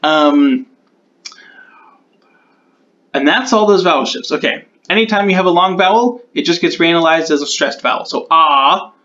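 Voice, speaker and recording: A conlang creator with a slightly high, bright and forceful voice casually walks through the sound-change rules he invented. He thinks aloud and corrects himself as he explains, and the recording is muffled.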